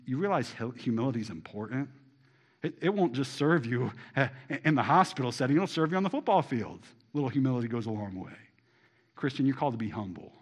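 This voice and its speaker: Animated preacher man, lively delivery. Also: medium pitch. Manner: animated preaching, swings between loud emphasis and quiet asides; conversational, rhetorical questions to the congregation. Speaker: pastor. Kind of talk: sermon.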